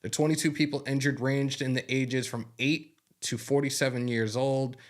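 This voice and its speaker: A man hosts a fan sports stream in a casual, profane way at an everyday middle pitch. He thanks viewers by name and then settles into reading a news rundown at his desk. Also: fairly even intonation, normal speed. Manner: loose and profane, openly moved by a fan's gift. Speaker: sports podcast host.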